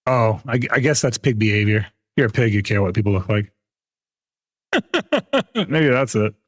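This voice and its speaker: A man's voice: on the low side, moderate pace, no echo, studio quality. Chatty young man streaming a game. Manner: chatty, laughs often, explains game mechanics to chat. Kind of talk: casual gameplay commentary.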